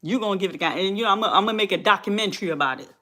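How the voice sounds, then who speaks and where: A woman's voice: mid-range voice, very fast, pushed and bright. A woman hosting her own livestream, speaking in a fiery, repetitive way with lots of exclamations and remarks to her chat. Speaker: livestream host. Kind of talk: heated livestream rant.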